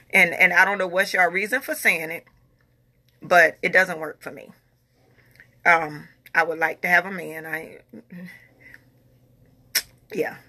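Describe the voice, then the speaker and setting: This vlogger in her forties has a lowish, gravelly, slightly rough voice that sounds pushed and bright. Answering viewer comments, she gives casual, opinionated takes, emphatic and repetitive, using informal Southern American grammar.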